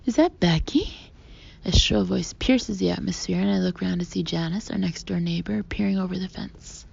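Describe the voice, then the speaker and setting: Woman narrating a story, gravelly low-key voice, breathy half whispers, muffled audio w/ faint hiss. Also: fairly even intonation, brisk, a little mellow. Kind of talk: first-person audiobook narration.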